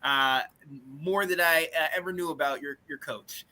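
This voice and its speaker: Brief: male podcast host, high and very bright voice, hyped slangy talker. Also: moderate pace. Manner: hyped, slangy, shouts catchphrases. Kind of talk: casual sports podcast chat.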